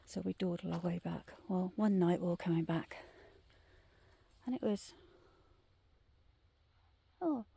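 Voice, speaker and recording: Low gravelly woman half-whispering. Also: unhurried, long pauses. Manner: drops often into a hushed whisper. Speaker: vlogger telling ghost stories. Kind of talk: casual storytelling on a walk. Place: woodland trail outdoors at night.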